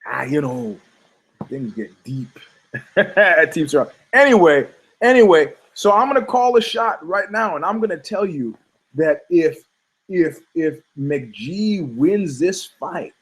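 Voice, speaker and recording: A middle-aged man co-hosting a podcast, who talks in a lively, opinionated way. He tells stories with a fair amount of animation and plays out the people he quotes in changing voices. His voice sits a bit higher than most men's. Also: takes it slowly, rough recording. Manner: animated storytelling, acts out quoted voices, frequent laughs. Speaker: podcast co-host. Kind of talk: casual opinionated talk.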